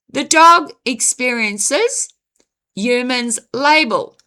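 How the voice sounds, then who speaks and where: A woman hosting her own channel, reading a reflective commentary in a measured, deliberate way with frequent pauses. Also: fairly high pitch, expressive, sharp tone. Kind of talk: slow reflective commentary narration.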